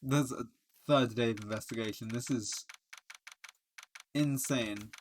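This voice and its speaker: A man's voice: medium pitch, unhurried, slight background noise. A young man giving casual, amused let's-play commentary that often trails off. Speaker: gaming streamer.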